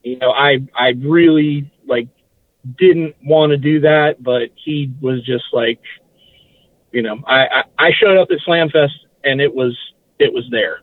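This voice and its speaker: A man's voice: mid-range voice, measured pace, dry recording. Male guest, casual talker who restarts and corrects himself, dry thin phone audio. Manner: rambling, self-correcting recollection. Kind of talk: casual interview chat. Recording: tinny phone-like line, dry.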